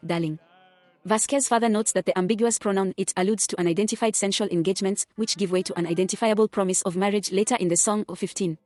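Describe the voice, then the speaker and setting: A woman reads an academic paper aloud at a quick clip, steady and formal. Her pitch sits in an ordinary middle range. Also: dry recording. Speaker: student presenter. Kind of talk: reading an academic presentation.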